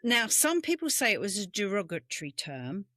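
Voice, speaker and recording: A very animated British woman from England with a mid-range, sharp-toned voice talks at a moderate pace as a podcast co-host. Over a video call from a home room, she spins casual history tales that meander and self-correct, recorded on a webcam mic with clean studio sound and no room sound.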